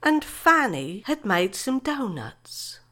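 A woman's voice: a little high, very animated, sharp tone. An older woman, reciting her own comic poems and chatting between them in a homely, dialect-flavoured way. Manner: chatty, unhurried storytelling with dialect grammar. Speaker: poet.

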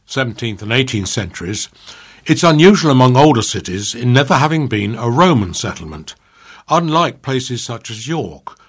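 A man reading his own prepared piece on local history in a measured, steady way. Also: mid-range voice, husky.

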